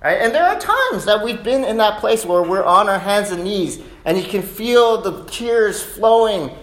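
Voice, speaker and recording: Male preacher, a bit high-pitched, conversational sermon delivery, reverberant room sound. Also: sing-song, a little slow. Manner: conversational, keeps asking "right?"; rises loud and high acting out cries of prayer. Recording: echoey room.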